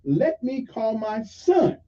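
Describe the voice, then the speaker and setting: Man playing a timid old man around eighty, nervous, high and slow, dull lo-fi sound. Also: big pitch swings, warm tone, exaggerated voice. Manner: timid, hesitant.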